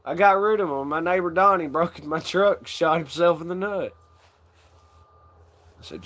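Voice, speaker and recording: A man's voice: fairly high pitch, expressive, moderate pace, pauses often, a bit bright. A young man hosting a casual chat, rambling in a laid-back way, swearing often and laughing along. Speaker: channel host.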